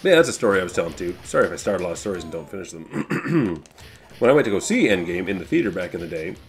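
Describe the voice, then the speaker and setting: Low-voiced and quick, this man's pitch swings widely as he plays a vintage arcade game for his YouTube audience with soft music underneath. He rambles freely, curses offhandedly, and pokes fun at himself.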